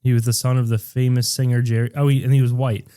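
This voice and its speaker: A man's voice: mid-range voice, level tone, fast, dark tone, dry recording, studio quality. A man co-hosting a podcast, telling crude stories in casual chat and quoting people as he goes. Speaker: podcast co-host.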